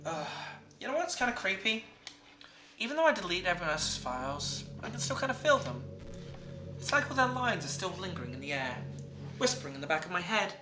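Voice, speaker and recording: An affectionate teenage club president from a visual novel, as a streamer reads her lines aloud. The delivery is plain and half-amused, sitting at a middle pitch. The room sounds roomy, with game music clearly playing behind. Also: big pitch swings, a little fast, lightly acted. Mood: tender. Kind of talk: reading game dialogue aloud.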